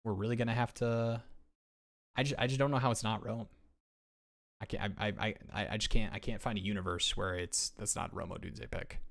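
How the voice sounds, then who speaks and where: A young man with a lowish voice talks through a fantasy football draft on a live stream. He is excitable and rambling, and often trips over his own words and restarts his sentences. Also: brisk, vocal fry. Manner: excitable, rambling, self-interrupting. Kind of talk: casual live-stream chat.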